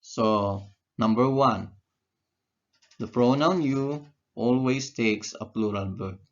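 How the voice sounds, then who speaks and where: Teaching English grammar slowly and deliberately, a man repeats key words and poses questions he then answers on his own. His voice sits in the mid range, his pace is slow, and the audio sounds dull.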